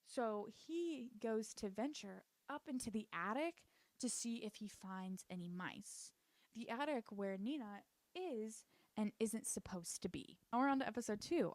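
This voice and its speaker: A woman's voice: a little high, darkish tone, no room sound. A woman casually recapping a TV show for her channel, sarcastic and swearing freely. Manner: sarcastic, swears freely, slips into quick character voices. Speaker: YouTube recap commentator.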